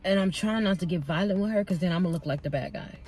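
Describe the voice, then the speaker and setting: A woman's voice: fairly low pitch, fast, a little mellow. A woman in her thirties vlogging casually, telling a heated story about work with lots of swearing. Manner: heated, profane storytelling, addresses viewers as y'all. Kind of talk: casual venting vlog.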